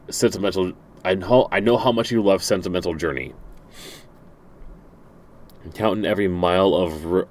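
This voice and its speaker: Low-voiced man reading game letters aloud. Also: a little hiss or hum. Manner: stumbling, self-correcting reading with dry asides. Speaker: game streamer.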